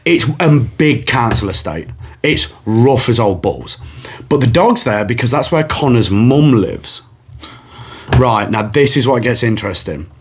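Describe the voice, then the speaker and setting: A man's voice: medium pitch, a little slow, slightly rough. A young man, a comedian hosting a podcast, telling a rambling story in casual chat and putting on voices. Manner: animated, laughing, rambling storyteller doing voices.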